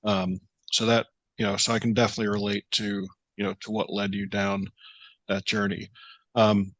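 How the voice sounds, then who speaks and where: A man's voice: on the low side, flat delivery, normal speed, a bit bright, no echo. A man hosting a podcast interview, talking hesitantly with many fillers. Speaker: podcast host.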